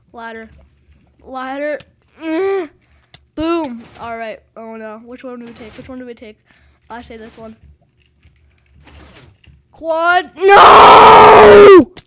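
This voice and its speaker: A woman giving excitable, self-mocking commentary over her own gameplay and exclaiming at every failed jump. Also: a little high, brisk. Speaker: gaming video host.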